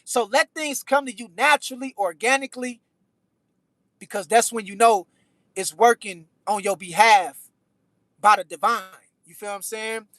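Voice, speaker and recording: High, bright-voiced man giving slangy advice. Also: normal speed, dry recording. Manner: slangy, preachy life advice, repeats phrases. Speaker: livestream host reading chat. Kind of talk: casual chat.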